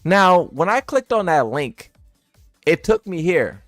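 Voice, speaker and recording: Lively, animated male streamer voice. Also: a little high, slow pace, dry recording, clean studio sound, faint music behind. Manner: incredulous, teasing, laughs at what he reads. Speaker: gaming content creator. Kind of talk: casual commentary to viewers.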